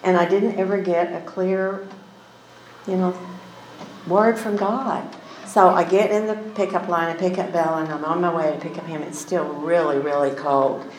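An older woman teaching a women's Bible study, telling a family story in an earnest, chatty way with soft asides. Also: on the low side, steady tone, normal speed, roomy sound, slight background noise, rough recording.

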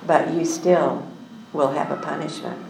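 An older woman with a low, gravelly voice leads a Bible lesson for a group of women. She tells her stories in an earnest, chatty way and drops into soft asides. The sound is roomy and echoey. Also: steady tone, measured pace, noisy background. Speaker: women's Bible study teacher.

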